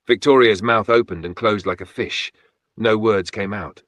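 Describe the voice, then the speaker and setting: A man giving dramatic scripted first-person narration of a folktale, steady and close to the mic. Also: lowish voice, moderate pace, no echo.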